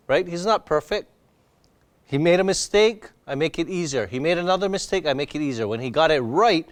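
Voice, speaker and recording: Patient man teaching dog training. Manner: patient, explains each step while working the dog; bursts into high excited praise for the dog. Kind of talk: hands-on training demonstration.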